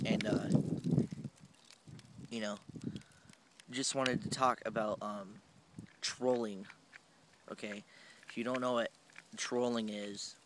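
A young man chatting casually to camera in a park, rambling with lots of fillers in an easygoing way. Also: fairly low pitch. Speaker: vlogger. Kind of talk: casual vlog chat. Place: outdoors in a park. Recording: loud outdoor noise on a camera mic.

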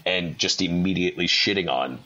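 A man's voice: sits low, brisk, bright, forceful tone, highs cut off. A man co-hosting a podcast, chatting casually and laughing as he retells movie scenes. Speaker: podcast co-host. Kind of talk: casual chat.

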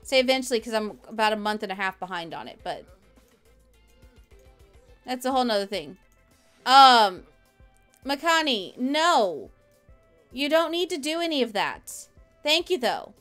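A woman's voice: a little high, sing-song, measured pace, long pauses, fairly bright tone, soft background music. A woman live streamer chatting casually from home while she plays a game, rambling as she answers viewers' messages.

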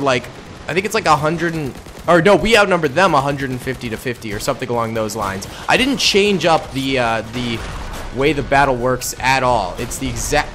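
A young man giving excitable, casual commentary over a battle game, with sudden loud outbursts and slang. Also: mid-range voice, a little fast, slight background noise. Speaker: gaming YouTuber.

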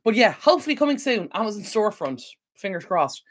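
A woman with a mid-range, sing-song voice talks fast while hosting a relaxed Q&A livestream for her decluttering channel. She's at her home computer using a desk mic, getting over an illness, and keeps rambling, apologizing and drifting off topic.

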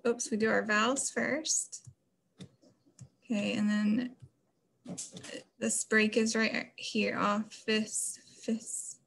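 A woman's voice: fairly high pitch, gravelly, a bit bright, a little hiss or hum. A woman teaching a phonics lesson to children, explaining patiently step by step.

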